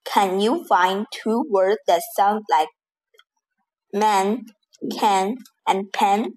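A woman reads a children's rhyming lesson at an extremely slow pace, pausing after every single word. Her delivery is careful and deliberate, with a middle-pitched voice. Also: darkish tone. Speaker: teacher reading rhymes.

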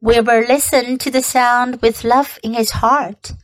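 A woman reading a classic children's story aloud in a gentle, measured way. Her voice sits high and her pace is slow and unhurried. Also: steady tone. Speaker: English reading teacher.

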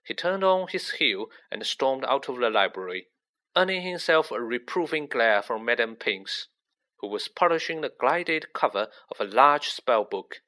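Expressive man narrating a storybook. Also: mid-range voice, measured pace. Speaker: audiobook narrator.

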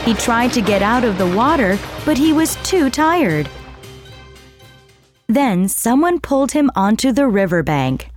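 Woman narrator, slightly high, very lively, slow and clear, music under the voice.

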